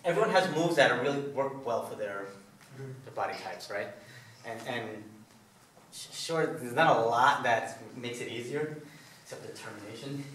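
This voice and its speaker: A man teaching a salsa class, counting steps out loud and talking through each move in a loose, easygoing way. He is picked up from far off by a camera, with a big echo filling the studio. A faint hum of the room sits behind him. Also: mid-range voice, moderate pace. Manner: counts steps aloud while demonstrating, loose and casual. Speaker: salsa dance instructor. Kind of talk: counting beats and explaining moves in a class. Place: dance studio, indoors. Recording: echoey studio from a distant camera.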